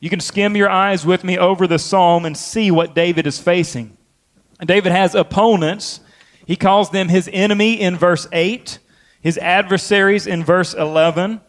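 A man's voice: high-pitched, fairly even intonation, moderate pace. A male pastor praying and then preaching in a church, earnest and given to repeating phrases for emphasis. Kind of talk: sermon with opening prayer.

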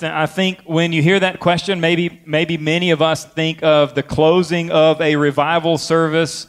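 A man preaching from the pulpit of a church, his voice sitting a little high. He speaks earnestly and often repeats a phrase to drive it home. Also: fairly even intonation, measured pace. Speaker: pastor. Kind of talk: sermon with opening prayer.

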